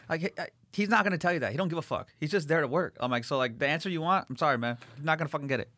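A man's voice: on the high side, pushed and bright, dry recording. A young man hosting a podcast in casual chat, enthusiastic and profane. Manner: profane, enthusiastic, quick retelling. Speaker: podcast host.

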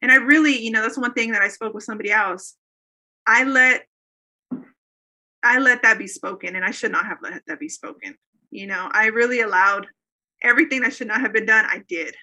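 A woman's voice: fairly high pitch, a little fast, bright, forceful tone. A woman in her thirties or forties, a guest telling a personal faith story in an earnest, rambling way with many fillers and restarts. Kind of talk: casual conversational storytelling.

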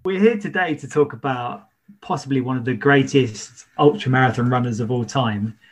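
A man hosting a podcast in casual chat, enthusiastic and chummy, calling his co-host mate. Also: medium pitch.

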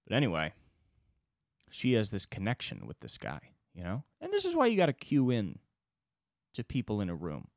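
A man's voice: lowish voice, huge pitch swings, moderate pace, vocal fry, no room sound, clean studio sound. A man hosting a solo podcast, telling a sarcastic, profane story with big swings in his voice. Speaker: podcast host. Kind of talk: solo comedic monologue.

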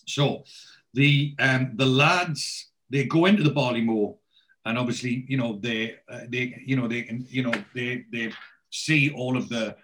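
A man's voice: medium pitch, a little slow, fairly bright tone. A man hosting a podcast, recapping a TV episode in casual chat, rambling with lots of fillers. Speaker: podcast host.

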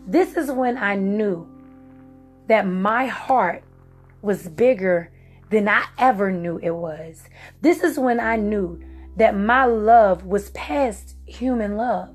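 A woman's voice: medium pitch, slow, soft background music. A woman from Virginia giving a personal testimony, emphatic and emotional, acting out her past words. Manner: emotional, emphatic storytelling with voiced quotes.

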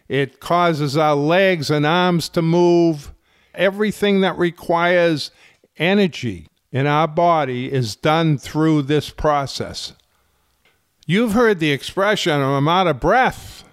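A man who runs a fitness channel, explaining health topics in slow, deliberate, emphatic phrasing. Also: a little high, smooth, no room sound, studio quality. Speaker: fitness instructor. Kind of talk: slow explanatory talk to camera.

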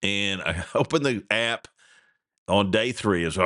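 A middle-aged radio talk show host rants casually and animatedly, tossing in chuckling asides. His voice sits fairly low and moves at a measured pace, with studio-quality sound and no echo.

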